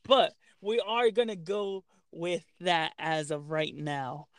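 A high-pitched man trading swaggering, teasing banter on a podcast. His voice sits dry and close to the mic, with nothing behind it. His talk is loose, heavy on slang and swearing. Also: slow, clean tone, dry recording. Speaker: podcast co-host. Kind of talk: casual banter.

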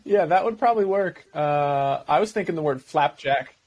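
A man's voice: on the high side, moderate pace, a little mellow. A man co-hosting a podcast in a playful, casual chat, laughing easily. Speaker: podcast co-host.

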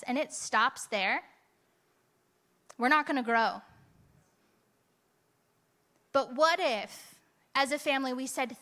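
Woman pastor, chatty emphatic sermon delivery, higher-pitched and sharp. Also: unhurried, long pauses. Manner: conversational and emphatic, with rhetorical "right?" asides. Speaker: preacher.

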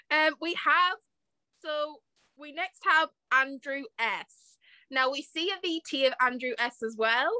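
A young woman co-hosting a podcast in casual chat, laughing often and filling pauses with ums. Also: high-pitched, pushed and bright, no room sound. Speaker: podcast co-host.

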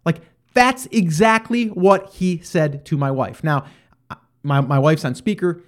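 High-voiced animated male podcast host. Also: a little slow. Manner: animated, acts out quoted exchanges; conversational with many fillers and restarts. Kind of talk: casual storytelling monologue.

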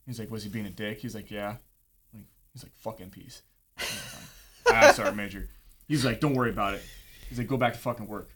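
A man's voice: on the low side, animated, a little fast, long pauses, fairly bright tone. A young man telling a long story in casual chat, swearing a lot and acting out what people said. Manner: profane, rambling, acts out dialogue.

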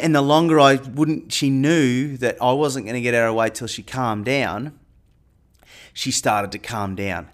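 A man telling a personal story in a casual monologue, animated and getting louder when he re-enacts a tense moment. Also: medium pitch. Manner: animated retelling, rising loud when quoting panic. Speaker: airline pilot and marketer.

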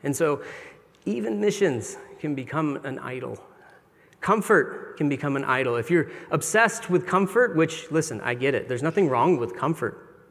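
A man's voice: fairly high pitch, animated, normal speed, gravelly, a bit bright. A middle-aged man preaching a sermon in an earnest, confessional, conversational way. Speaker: pastor. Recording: long reverb of a large hall.

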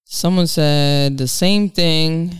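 Smooth-voiced woman co-hosting a chat podcast. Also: low-pitched, slow pace, no room sound, clean studio sound. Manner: laughing, teasing, animated storytelling. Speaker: podcast co-host. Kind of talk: casual chat.

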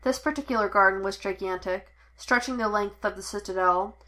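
A woman reading a piece of fan fiction aloud as narrator, even and measured. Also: mid-range voice. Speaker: podfic reader. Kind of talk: storybook narration.

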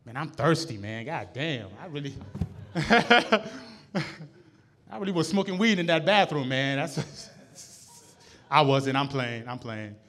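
A man's voice: medium pitch, animated, takes it slowly, long pauses, fairly bright tone. A man doing a loose, slangy stand-up set in a comedy club, laughing at his own jokes.

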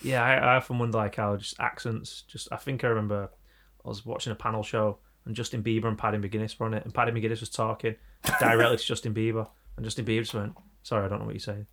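An English man co-hosting a casual podcast, telling stories with lively energy and mimicking other people's voices. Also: fairly low pitch, quick pace. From England. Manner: animated storyteller, mimics voices. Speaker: podcast co-host. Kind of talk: casual banter.

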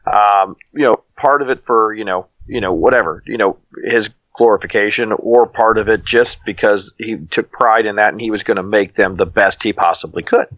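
Man hosting a movie review panel, lowish voice, reflective and halting, on a dull lo-fi line. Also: a bit bright, no room sound. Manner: reflective, halting, searches for words. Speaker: podcast host leading the panel. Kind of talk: casual movie review chat.

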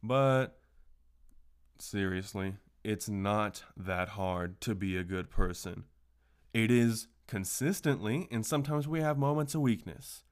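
Casual: guy with a lowish voice ranting on his solo podcast, swearing constantly. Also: slow pace. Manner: profane, ranting storyteller. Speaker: podcast host.

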